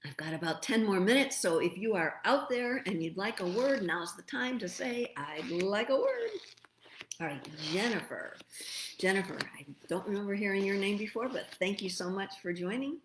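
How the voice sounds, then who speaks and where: A middle-aged woman hosting a live stream as a spirit messenger, giving word readings in a slow, soothing, meditative way and thinking aloud. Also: medium pitch, expressive, noisy background. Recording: roomy echo.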